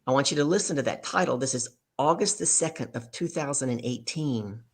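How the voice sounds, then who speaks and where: A middle-aged woman guest telling an animated story in an interview, acting out dialogue as she goes. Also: a bass voice, fairly quick, breathy edge. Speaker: guest speaker.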